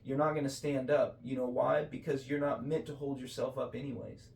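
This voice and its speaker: A man talks faith on a casual podcast in an earnest, preachy way, often restarting his sentences. His voice sits at an everyday pitch and carries the echo of a roomy space, picked up from a little way off the mic. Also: level tone, fairly quick, gravelly, darkish tone, distant mic. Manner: earnest, preachy, full of self-corrections. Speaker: podcast co-host.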